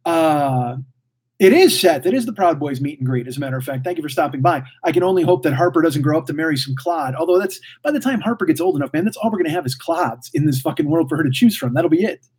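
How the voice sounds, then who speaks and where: A man's voice: on the high side, lively intonation, fast, a little mellow, breathy edge. A man in his forties hosting a casual livestream, reading chat and rambling profanely like a mouthy motor mouth. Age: 40s. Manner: mouthy, blurts without thinking. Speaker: podcast host reading live chat.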